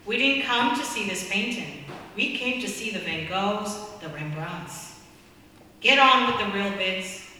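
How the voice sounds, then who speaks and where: A woman's voice: medium pitch, expressive, a little slow, sharp tone, a little hiss or hum. Figure: a woman reading an angry, impatient bidder. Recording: echoey hall from far off. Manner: impatient, scornful.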